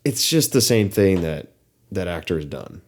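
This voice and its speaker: A man's voice: low voice, sing-song. A man co-hosting a podcast, talking through a film in a casual, hesitant way with many restarts. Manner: hesitant, halting, lots of "like" and restarts. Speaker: podcast co-host.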